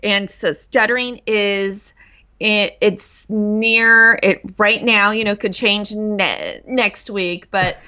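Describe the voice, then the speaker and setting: A woman who stutters talks slowly and carefully in a casual interview, often catching on the first sounds of words. She fills pauses with ums and likes. The recording sounds somewhat dull and lo-fi. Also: medium pitch, steady tone, sharp tone, clean tone. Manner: stutters on word starts, with frequent fillers. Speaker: guest speaker on stuttering and dyslexia.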